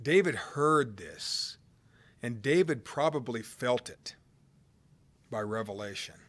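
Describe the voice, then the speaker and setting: A man preaching a sermon in a conversational way, swinging from loud cries to hushed low tones. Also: animated, slow. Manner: conversational, with fillers and restarts.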